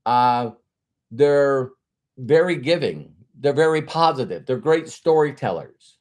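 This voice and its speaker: Animated middle-aged man telling a story. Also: mid-range voice, takes it slowly. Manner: animated, acts out both sides of a conversation. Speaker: network marketing trainer. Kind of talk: motivational storytelling.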